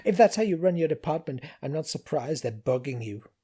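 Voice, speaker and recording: Man putting on a smug, shrill little machine. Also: lively intonation, brisk, dark tone, slightly rough. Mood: ranting. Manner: smug, whiny, ranting. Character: small smug squabbling male machine.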